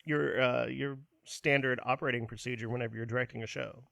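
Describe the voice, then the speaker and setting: A man co-hosting a podcast, chatting casually in a teasing way and quick to laugh. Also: medium pitch, fairly even intonation, creaky, fairly bright tone. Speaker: podcast co-host.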